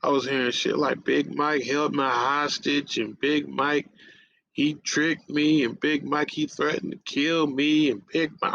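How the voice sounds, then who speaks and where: Gravelly-voiced man telling a profane street story. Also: fairly high pitch, steady tone, measured pace, fairly bright tone, no echo. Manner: profane, streetwise slang, frequent "man" fillers. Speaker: radio show host. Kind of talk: casual storytelling monologue. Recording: dull lo-fi audio.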